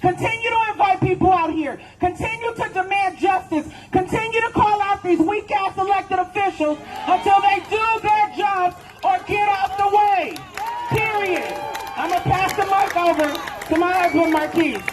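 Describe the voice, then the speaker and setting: A woman giving a defiant, impassioned speech at an outdoor protest, shouting her demands. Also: very high voice, normal speed, rough recording. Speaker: protest speaker. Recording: outdoor rally with loud crowd and music.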